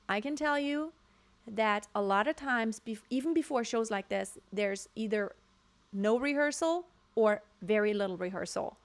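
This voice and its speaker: A woman vocal coach giving frank, emphatic casual commentary from home, now and then breaking into short sung demonstrations. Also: fairly high pitch. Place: home room near construction noise.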